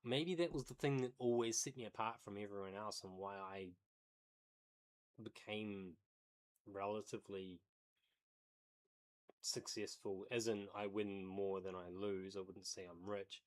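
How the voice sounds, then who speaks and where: A man's voice: on the low side, steady tone, a little slow, long pauses. A man who day trades, livestreaming and thinking aloud as he comments on a video, hedging and explaining as he goes.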